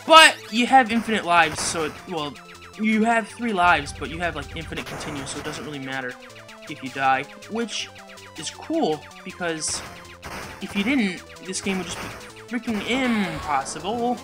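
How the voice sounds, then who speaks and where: A man giving casual let's play commentary, swearing and shouting at enemies as he plays. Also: high voice, expressive, normal speed. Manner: swears and yells at enemies, loud angry outbursts. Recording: game music behind the voice. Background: video game music.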